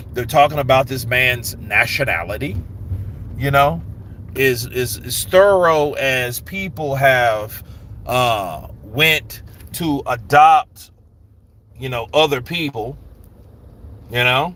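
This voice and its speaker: A man's voice: medium pitch, animated, slow pace, a bit bright, a little hiss or hum. A middle-aged man hosting a boxing live stream, talking in a loose, rambling way and greeting viewers by name. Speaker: boxing channel host. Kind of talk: casual live-stream chat.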